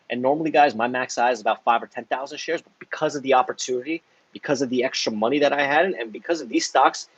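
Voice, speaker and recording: A man's voice: medium pitch, breathy edge, no echo, rough recording. A man, a stock trader, explaining his trades in a blunt, heated, swearing way, often tagging lines with "right?". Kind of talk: casual profane explainer.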